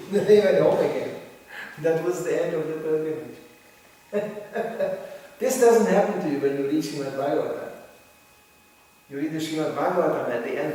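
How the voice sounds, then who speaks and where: A man giving an animated devotional lecture, mocking voices and laughing as he teaches. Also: on the high side, a little hiss or hum. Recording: echoey hall from far off.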